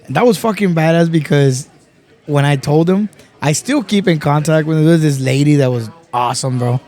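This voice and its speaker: A man from Texas, a podcast guest, telling stories in a casual, animated way, swearing often and calling everyone bro. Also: on the high side, normal speed. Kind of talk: casual chat.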